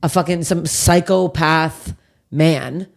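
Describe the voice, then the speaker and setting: A woman's voice: low voice, slow, gravelly. A woman hosting a podcast, chatting casually and telling stories with lots of swearing and quoted outbursts. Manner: profane, animated storytelling with quoted outbursts. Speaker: podcast host. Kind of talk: casual chat.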